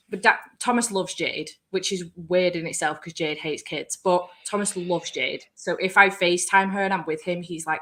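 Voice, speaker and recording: A woman hosting a book channel, chatting in a lively way with frequent laughter. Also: lowish voice, normal speed, hardly any pauses. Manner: animated, laughing, swearing. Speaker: booktube host. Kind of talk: casual chat.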